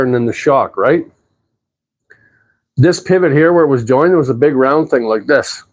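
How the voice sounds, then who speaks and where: A man, chatting casually on a livestream, rambling and relaxed, with plenty of fillers and the odd swear word. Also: mid-range voice. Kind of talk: casual livestream chat answering viewers. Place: apartment at home.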